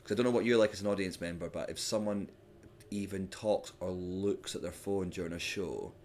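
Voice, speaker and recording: A young Scottish man, a stand-up comedian, chatting casually on a podcast and telling animated stories. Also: low-pitched, fairly quick, slight background noise. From Scotland. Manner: animated storyteller, mimics hecklers with loud sudden shouts.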